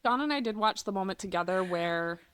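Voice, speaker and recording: A woman, co-hosting a podcast in casual chat, playful and animated as she tells stories with quick asides. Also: medium pitch, smooth, dry recording, studio quality. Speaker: podcast co-host.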